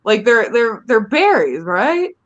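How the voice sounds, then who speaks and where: A woman's voice: on the high side, very animated, slow pace, a bit bright, dull audio. A young woman doing rambling, self-amused stand-up comedy from home into her phone. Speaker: stand-up comic. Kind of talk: casual stand-up riffing.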